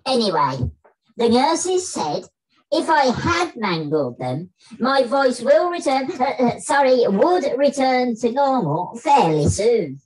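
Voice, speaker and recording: Man voicing a high, indignant old thespian, comic monologue, wide-ranging pitch. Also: big pitch swings, takes it slowly, heavily acted, low-quality recording. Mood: blustering. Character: squeaky-voiced famous bombastic older male actor. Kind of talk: comic spoken-word performance. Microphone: video call.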